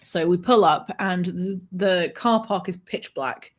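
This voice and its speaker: A woman guest telling a personal anecdote in a lively, conversational way, often laughing and swearing. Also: lowish voice, a little slow. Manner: animated, laughing, swears freely. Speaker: author guest. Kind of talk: conversational storytelling.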